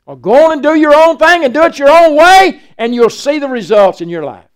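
An older man preaching a sermon in a strikingly high voice. He talks in a folksy, preachy way and slips into the voices of Bible figures as he tells their stories. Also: animated, fairly quick. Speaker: pastor.

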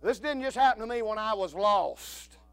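A man preaching a sermon, swinging from quiet low talk to shouted, drawn-out preaching. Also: animated, clear, resonant tone, dry recording.

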